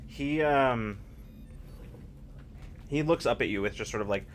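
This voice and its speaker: A man narrating a tabletop game as game master, in a halting, thoughtful way. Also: mid-range voice, slight background noise.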